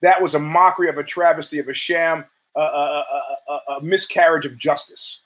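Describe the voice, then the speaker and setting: Guy ranting and telling stories on his show, swears a lot, stumbles and restarts, voice sits kinda high. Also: steady tone, a little fast, fairly bright tone, rough recording. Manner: profane, rambling, stammers and restarts, acts out quoted dialogue. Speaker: podcast host. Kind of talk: casual storytelling monologue.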